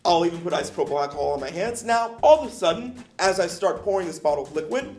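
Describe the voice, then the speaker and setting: Young guy cohosting a chat show, high voice that jumps all over, light music behind. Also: fast, few pauses. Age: young adult. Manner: animated storyteller, acting out people in high voices. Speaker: podcast co-host. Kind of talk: casual chat. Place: vape shop area in Florida.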